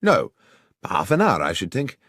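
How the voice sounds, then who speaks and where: Man voicing a disguised detective, calm, matter-of-fact, low husky voice, dry. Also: measured pace, dry recording, full character voice. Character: male detective disguised as the doctor.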